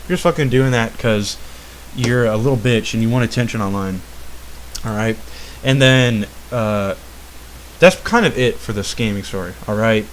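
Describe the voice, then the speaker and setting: A man's voice: on the low side, moderate pace, slight background noise. A young man hosting a gaming vlog, ranting in a rambling way with constant swearing and a habit of asking "all right?". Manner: rambling, full of "uh" and restarts. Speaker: channel host. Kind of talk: profane gaming rant.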